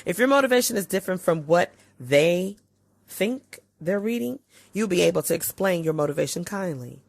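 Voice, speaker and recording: A woman podcast host reading aloud from a relationship book, with expressive swings in pitch and loudness. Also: moderate pace, creaky, dry recording, studio quality.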